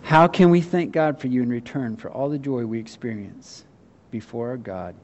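A man preaching a sermon, acting out the quotes and laughing as he goes, then quieting down for the scripture. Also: medium pitch, lo-fi sound, slight background noise. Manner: animated, acts out voices in quotes, laughs often; drops to quiet, slow delivery on scripture. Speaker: pastor.

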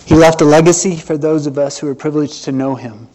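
A middle-aged man, preaching a sermon earnestly, with swells and hushed drops. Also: fairly high pitch, fairly even intonation, fast. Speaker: pastor.

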